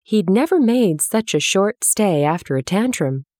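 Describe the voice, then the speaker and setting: Slow, measured woman storyteller. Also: mid-range voice, very animated, mellow, no echo, clean studio sound. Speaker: audiobook narrator. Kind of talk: scripted storybook narration.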